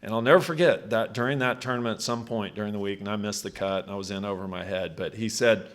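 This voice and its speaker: Low-voiced man in his sixties, conversational speech. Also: fast talker, hardly any pauses. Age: 60s. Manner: conversational, with frequent restarts and fillers. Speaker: hall of fame inductee. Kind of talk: acceptance speech with personal anecdotes. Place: country club event room.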